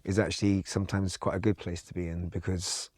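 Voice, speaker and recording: A man, a songwriter guest on a podcast, telling a long story in a calm, reflective, conversational way. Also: deep voice, a little fast, no room sound.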